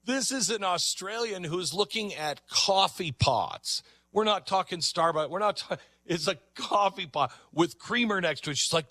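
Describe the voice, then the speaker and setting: A man's voice: moderate pace, few pauses. A man hosting a reaction show, commenting emphatically on video clips he plays. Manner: animated, emphatic, jumps pitch when excited. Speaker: commentary host.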